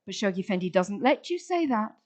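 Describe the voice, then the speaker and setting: A woman giving a lecture in an expressive, playful way, acting out inner voices and drawing out single words, often asking the audience questions. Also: medium pitch, fairly quick. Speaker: summer school lecturer. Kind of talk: expressive lecture on word meanings.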